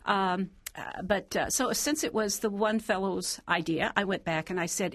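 A woman from Southeast Ohio, a guest on a radio show, telling her story in a chatty, animated way and quoting the people she met. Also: medium pitch, moderate pace, few pauses, no room sound. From Southeast Ohio, USA. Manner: chatty, animated retelling with quoted dialogue and laughs.

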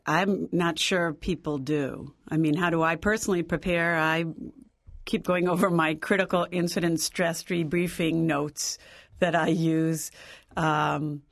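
A man's voice: fairly high pitch, fairly even intonation, a little slow, vocal fry, fairly bright tone, dry recording, studio quality. A man who volunteers on aid trips, answering thoughtfully and with hesitation. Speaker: guest volunteer.

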